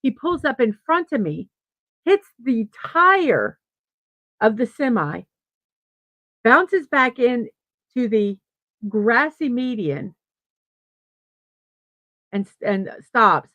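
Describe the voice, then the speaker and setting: A woman's voice: on the high side, slow, pauses often, no room sound, highs cut off. A middle-aged woman hosting a casual morning livestream, telling a rambling story and chatting with viewers. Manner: rambling, animated storyteller with restarts and laughs. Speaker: host of a daily morning livestream. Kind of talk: casual storytelling and chat reading viewer comments.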